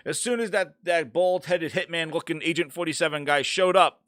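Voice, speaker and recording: A man hosting a casual gaming podcast, ranting loudly and swearing as he talks through the news. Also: fairly high pitch, moderate pace, no echo, clean studio sound. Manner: ranting, profane, animated. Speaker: podcast host.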